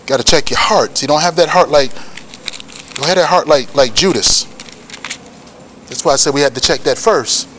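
A man preaching a sermon with emphatic, repetitive cadences that build to shouts. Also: a little high, moderate pace, pauses often, a little hiss or hum.

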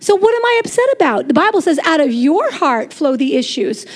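A high-pitched woman preaching to a congregation in a lively, conversational way. She is in her forties and breaks into quick asides and laughs as she talks. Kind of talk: lively sermon.

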